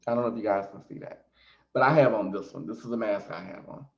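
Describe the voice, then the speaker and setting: A man hosting a storytime vlog as a psychic reader, animated, often laughing and adding "okay?" asides. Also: on the low side, fast talker, vocal fry. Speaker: psychic reader and video host. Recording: echoey room, slightly dull sound.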